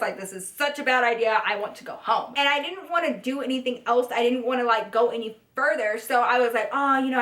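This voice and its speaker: Bright high-voiced woman telling a story. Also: echoey room. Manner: animated, profane, gets loud and high when outraged. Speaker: beauty vlogger telling a story. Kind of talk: casual storytime vlog.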